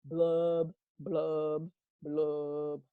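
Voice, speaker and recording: A woman voicing a gloomy male cartoon fish who speaks in sing-song, drawn-out rhymes. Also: low-pitched, level tone, clean tone, no room sound, phone-quality sound, pitched below the performer's own voice. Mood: glum.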